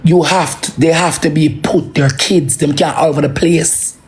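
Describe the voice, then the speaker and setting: A parent with a Jamaican accent in an emotional, profane ranting monologue that swings between slow brooding and heated outbursts. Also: mid-range voice, fairly even intonation. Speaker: social media livestreamer.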